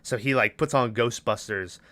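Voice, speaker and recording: Young man, podcast host, bright crisp voice, casual laughing movie recap. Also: mid-range voice, moderate pace, no echo. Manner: loose, laughing retelling with quoted lines.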